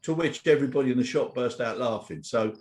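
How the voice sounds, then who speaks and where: A man's voice: medium pitch, fast, over a noisy crowd. A middle-aged man co-hosting a casual chat show, reading out news and telling anecdotes in a chatty way. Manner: chatty, storytelling, reads news headlines aloud. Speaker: co-host of a weekly chat show.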